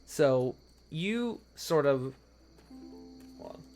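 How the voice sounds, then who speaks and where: A man's voice: fairly high pitch, sing-song, extremely slow, darkish tone, faint music behind. A man narrating a tabletop game as game master, in loose, rambling narration with frequent restarts.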